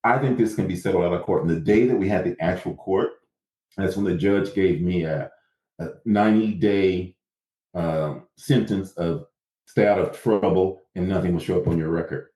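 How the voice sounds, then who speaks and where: A man's voice: low voice, normal speed, echoey room, poor audio. A man guest in a casual interview, telling his story with animation and acting out what others said. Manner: animated, acts out quotes from others.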